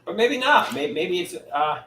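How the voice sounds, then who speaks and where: A man talking live to viewers in a lively, up-and-down voice, stumbling over his words and repeating himself as he answers the chat. The room rings with a noticeable echo, and a faint noise sits underneath. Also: high voice. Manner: halting, repeats words and restarts often. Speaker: livestream host reading chat.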